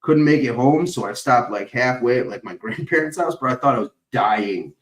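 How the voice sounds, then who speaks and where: A man's voice: mid-range voice, lively intonation, normal speed, low-quality recording. A young man streaming live, chatting casually with viewers and telling long, profane, rambling stories. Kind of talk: casual chat.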